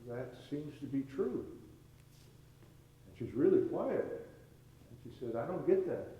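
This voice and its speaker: Speaking at a medium pitch and a little slowly, this man gives an animated, folksy spiritual talk to a live hall audience, teaching with stories and voicing the characters he quotes. The recording sounds dull, with room echo and a distant voice.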